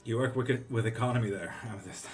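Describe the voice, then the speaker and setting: This is a man running a relaxed tarot livestream. He reads viewer questions aloud and answers them bluntly. His mid-pitched voice is salted with swearing, and soft music plays behind him. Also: fast talker. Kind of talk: casual livestream chat reading viewer comments.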